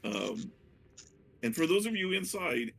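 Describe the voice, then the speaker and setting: Man, dungeon master, gravelly voice, hesitant narration, lots of fillers. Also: a little high, very animated, a little slow, a bit bright, slight background noise. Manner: hesitant, many fillers and restarts. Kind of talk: narrating a tabletop game.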